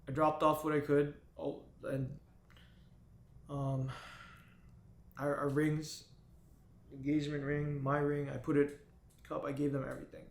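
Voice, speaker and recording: A man's voice: a little high, level tone. Man telling a raw personal story, echoey room. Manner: halting, with frequent restarts and fillers. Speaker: vlogger.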